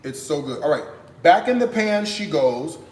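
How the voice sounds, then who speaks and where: A man hosting a casual cooking vlog, chatting straight to viewers and bursting into high whoops and moans of delight while he cooks in a kitchen. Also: lively intonation, normal speed, a little mellow, slight background noise. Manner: chatty, addresses viewers directly. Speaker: cooking channel host. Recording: echoey room.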